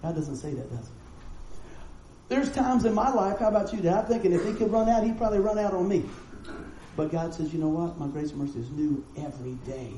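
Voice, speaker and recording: A pastor with a drawl, talking to his congregation in an easy, folksy way. His voice sits high for a man but sounds warm and mellow. The sermon echoes around a roomy church hall, with a faint murmur of ambience underneath. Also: brisk, slight background noise. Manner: folksy, conversational preaching with rhetorical questions. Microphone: live stream mic.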